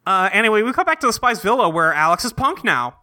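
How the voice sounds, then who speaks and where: A man with a high, very bright voice chats through a show recap. He is animated and swears freely, and his pitch swings widely as he acts out the characters' lines for laughs. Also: fast talker. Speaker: podcast host recapping a show. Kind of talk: casual chat.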